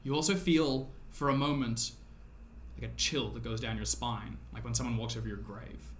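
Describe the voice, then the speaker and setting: A man's voice: mid-range voice, fairly even intonation, moderate pace, slight background noise. A man running a tabletop horror game as game master, narrating scenes descriptively with loose fillers.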